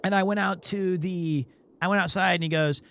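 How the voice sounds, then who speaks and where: High-voiced man rambling through a story. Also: moderate pace. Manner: rambling, self-correcting, animated anecdote. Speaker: streamer. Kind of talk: casual storytelling while playing a game.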